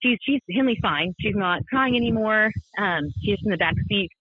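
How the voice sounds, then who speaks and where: A woman in her thirties, a podcast guest and mother, telling a personal story in an animated, self-deprecating way with lots of laughs and fillers. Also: mid-range voice, moderate pace, slightly rough, no echo. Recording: thin phone-like sound, dry.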